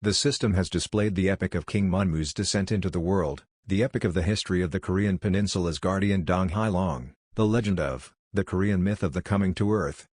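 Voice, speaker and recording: A man narrating a comic story recap in a steady, even way. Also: low-pitched, fairly quick, few pauses, no echo, studio quality.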